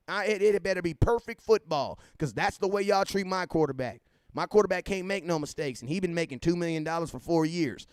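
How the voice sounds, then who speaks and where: A man hosting a casual sports livestream, talking animatedly, repeating himself and giving shout-outs to viewers. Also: on the high side, brisk, clean tone, no echo, clean studio sound. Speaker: livestream host.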